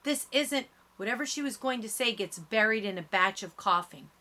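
Bright-voiced woman narrating an audiobook. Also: medium pitch, a little fast. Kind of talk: first-person audiobook narration.

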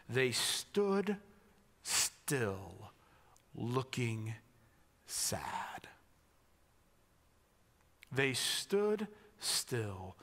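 A man from the United States preaching a sermon as a pastor, reflective and restarting phrases, turning animated when he quotes other people. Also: medium pitch, in a large hall.

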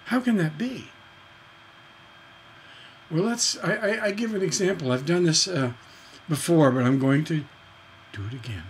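A man teaching songwriting on a charity livestream in a relaxed, folksy way, humming melodies on "da da" to show his points. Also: a little high, a little slow, long pauses, slight background noise.

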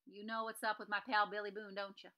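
A woman's voice: mid-range voice, level tone, quick pace, sharp tone, natural voice. Woman doing a brash frontier gal. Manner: brash western drawl. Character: sharp, determined young frontier woman.

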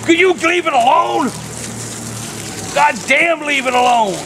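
Brief: older man, high-pitched, nonstop profane rage, noisy home-video sound. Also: a little slow. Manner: cursing nonstop, yelling in fits of rage. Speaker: family member being filmed.

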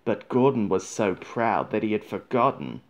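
A man reading a children's storybook aloud in a gentle, measured way. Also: fairly low pitch, very animated.

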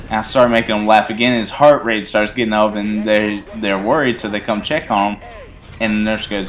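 A man's voice: on the low side, steady tone, normal speed. Young man rambling through a funny story. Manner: rambling, laughs often while telling. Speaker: gaming channel host. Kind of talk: casual storytelling over gameplay.

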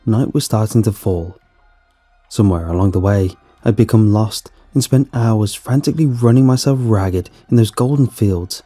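A man reading a horror story aloud as scripted narration, in a steady, measured way. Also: on the low side, husky.

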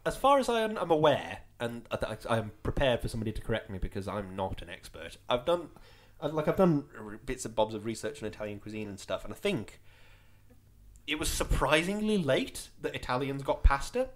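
A man's voice: medium pitch, big pitch swings, a little fast. A man co-hosting a podcast in casual, sweary, rambling chat. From Britain. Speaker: podcast co-host.

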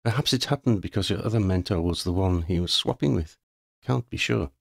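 A man reading the part of a calm, knowledgeable companion in an audiobook, in a gentle, measured way. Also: sits low, vocal fry, dry recording, studio quality.

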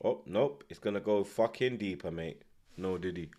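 A man's voice: sits low, moderate pace, mellow. A man hosting a football watchalong, ranting with heavy swearing and street slang. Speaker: host.

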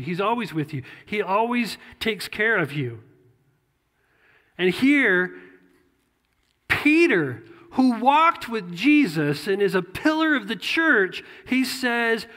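A man's voice: sits high, sharp tone, in a large hall. A man preaching a sermon as a pastor, talking conversationally and repeating phrases for emphasis. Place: church sanctuary.

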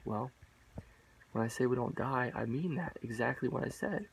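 A man's voice: mid-range voice, normal speed, gravelly, long pauses, noisy background. A man giving a rambling, emphatic mock-sermon monologue, repeating himself and calling viewers guys and bro.

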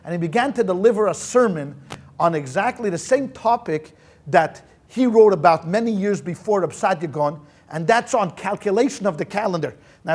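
A rabbi giving a history lecture as a lively storyteller, acting out quotes and dropping Yiddish words. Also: male voice, high-pitched. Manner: animated storyteller acting out quotes, many restarts. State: sweating in a hot room.

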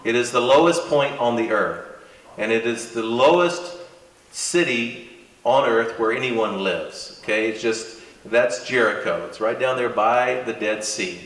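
Animated man lecturing in an echoey room. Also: mid-range voice, a little slow, far from the mic. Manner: animated, conversational teaching with asides and emphasis. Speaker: Bible teacher. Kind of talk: classroom lecture.

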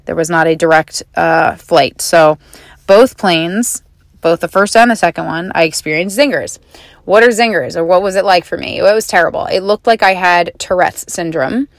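A woman's voice: on the low side, normal speed, no room sound. A woman hosting a podcast, talking to listeners in a chatty, earnest and encouraging way. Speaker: podcast host. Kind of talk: podcast monologue.

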